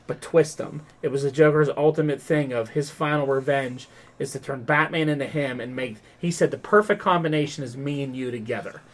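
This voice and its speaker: A man hosting a podcast, retelling a story in a rambling, animated way, with lots of "like" and "um". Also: on the high side. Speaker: podcast host. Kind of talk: casual podcast chat.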